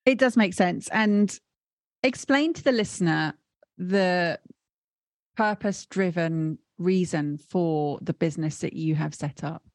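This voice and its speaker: A woman's voice: fairly low pitch, measured pace, darkish tone, no room sound, studio quality. A woman hosting an interview, prompting her guest to explain. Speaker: podcast host. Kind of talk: interview questions.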